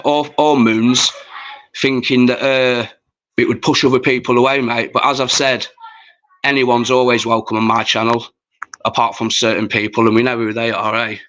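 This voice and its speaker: At a moderate pace and a steady medium pitch, a forties man hosts a livestream in a slightly bright voice, with the highs cut off in the audio. He rambles, swears freely and chats casually with viewers.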